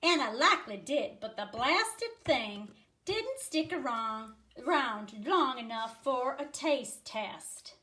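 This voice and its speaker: A woman's voice: a little high, expressive, slow pace, bright, forceful tone, heavily acted. A woman voicing a talkative dog restaurant owner in a put-on Southern US accent, reading a picture book aloud. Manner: folksy storytelling drawl.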